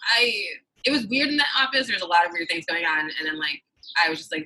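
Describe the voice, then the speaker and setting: A woman's voice: lowish voice, fairly even intonation, quick pace, pushed and bright, low-quality recording. A woman in her thirties from the New York City suburbs, talking in a heated, emphatic way and swearing freely in a casual conversation. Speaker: guest.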